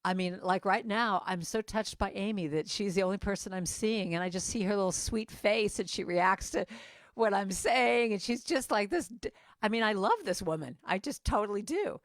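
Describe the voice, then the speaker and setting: A woman's voice: mid-range voice, expressive, a little fast, few pauses, dry recording, studio quality. A woman giving an earnest, chatty inspirational morning message as guest speaker, talking over a video call.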